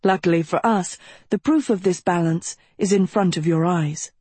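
A woman voicing a calm, sensible male professor who speaks in a measured, authoritative way, close to her own voice. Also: on the low side, husky, no room sound. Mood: grave.

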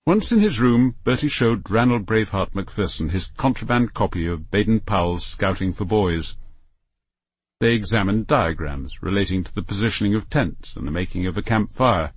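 A man narrating an audiobook in a measured, wry way, recorded in a dry, close studio. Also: lowish voice, animated, breathy edge, dry recording.

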